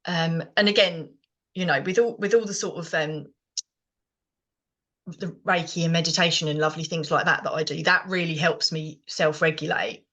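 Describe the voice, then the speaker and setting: A woman's voice: low-pitched, steady tone, moderate pace, a bit bright. A middle-aged woman with a British accent, co-hosting a podcast in casual chat, rambling with many fillers and restarts. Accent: British English. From Britain. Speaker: podcast co-host.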